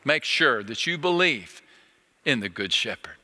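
A man preaching a sermon as a pastor, earnest and pleading, slowing down on key phrases. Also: mid-range voice, very animated, sharp tone, long reverb tail.

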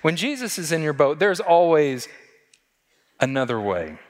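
A man's voice: on the high side, sing-song, measured pace, big-room sound. A man preaching a sermon as a pastor, talking conversationally and asking the congregation rhetorical questions.

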